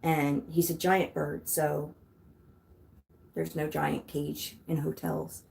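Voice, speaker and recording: Slow, creaky-voiced woman streamer. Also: deep voice, level tone, a little mellow, slight background noise. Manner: rambling, chatty, answers chat comments. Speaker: livestream host. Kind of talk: casual livestream chat.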